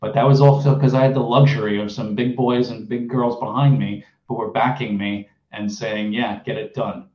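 A man's voice: mid-range voice, fairly even intonation, moderate pace, hardly any pauses, darkish tone, roomy sound, dull audio. A man who owns a behavior analysis clinic, speaking earnestly and at length on a panel, with some emotion. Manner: earnest, emotional, long-winded. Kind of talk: panel discussion.

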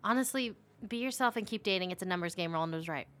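A woman's voice: fairly low pitch, quick pace, fairly bright tone. A woman co-hosting a casual podcast, making playful, teasing quips. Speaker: podcast co-host.

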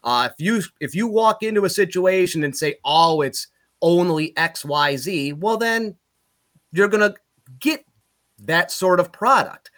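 A middle-aged man, a play-by-play broadcaster from upstate New York, telling road stories in casual podcast chat, animated and loud at punchlines. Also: sits high, unhurried. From Utica, New York.

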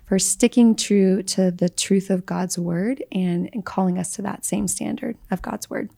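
Gravelly-voiced woman hosting a podcast. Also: mid-range voice, steady tone, measured pace, dark tone. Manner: affirming, upbeat. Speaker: podcast host. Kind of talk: casual podcast interview.

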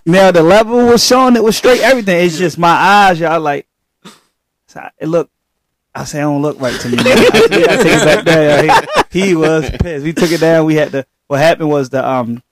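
A man's voice: fairly high pitch, sing-song, normal speed, dry recording. Laid-back man telling stories among friends. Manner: laid-back storyteller, laughs often, trails off. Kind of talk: casual storytelling chat.

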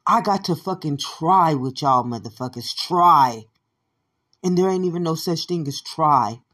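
A woman delivering a profane, repetitive monologue, shouting at times and muttering low at others. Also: lively intonation, moderate pace. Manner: swears constantly, repeats phrases, swings from shouting to low mutters.

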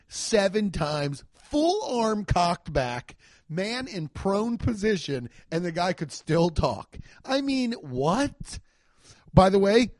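A man's voice: high-pitched, darkish tone, no room sound, studio quality. A young man giving a profane, exasperated comedic rant reviewing a movie.

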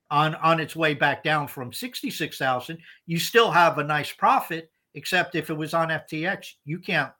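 A man's voice: fairly high pitch, sharp tone. A man co-hosting a casual podcast, explaining points emphatically and often repeating words as he restarts. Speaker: podcast co-host.

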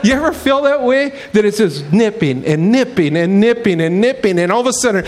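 A man preaching in a relaxed, conversational way, spinning everyday stories into a lesson. His voice sits high for a man, and he colors his quotes with playful voices. He tosses in "man" like he's chatting with friends. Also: fairly quick, hardly any pauses. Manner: animated, acts out quotes in voices; folksy, says "man" often. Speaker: pastor. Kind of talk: casual storytelling sermon.

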